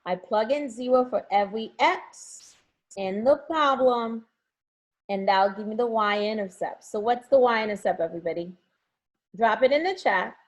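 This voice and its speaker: Teaching an online class from home over a video call, a woman with a slightly high voice walks through each step at a measured pace and keeps coaxing her students to answer in the chat. She has a headache.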